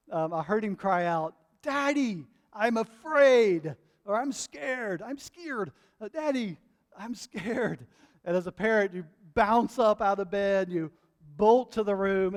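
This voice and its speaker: A middle-aged man preaching a sermon as pastor, impassioned and building to loud repeated refrains, often checking in with the congregation. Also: high-pitched. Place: church sanctuary. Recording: long hall reverb.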